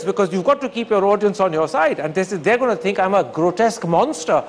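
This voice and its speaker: An older man speaks in a high, clear register, building each point with formal, deliberate emphasis. A faint background hum sits under his voice. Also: animated. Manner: measured, emphatic, formal phrasing. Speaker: interviewer and author answering audience questions. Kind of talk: articulate public talk.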